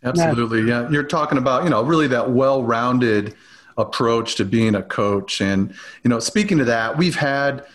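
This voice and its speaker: A man hosting a podcast interview, complimentary and a little halting as he frames questions. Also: medium pitch, fairly bright tone. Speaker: podcast host.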